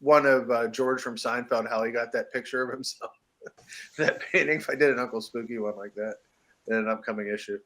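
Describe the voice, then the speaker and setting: American male co-host, bright tone, animated and jokey, casual chat. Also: medium pitch, fairly quick. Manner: animated, jokey, laughs often. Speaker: podcast co-host. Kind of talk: casual chat about horror movies.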